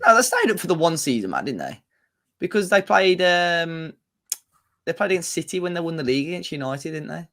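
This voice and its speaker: A man's voice: a little high, sing-song, a little fast, a bit bright. Man chiming in on football chat. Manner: interjects often with short agreements. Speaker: podcast co-host.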